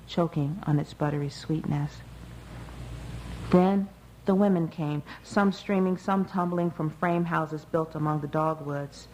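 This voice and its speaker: A woman reading a first-person novel aloud in a measured, even way. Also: deep voice, slight background noise, low-quality recording. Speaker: audiobook narrator. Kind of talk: first-person literary narration.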